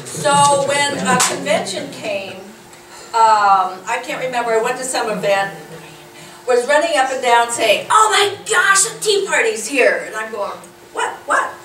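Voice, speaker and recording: A woman's voice: fairly high pitch, a little slow. A woman speaking to a group about organizing, informal and fervent, acting out what others said. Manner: animated, fervent, acts out quotes. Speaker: local political organizer speaking at a meeting. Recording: echoey room, mic far off, faint noise.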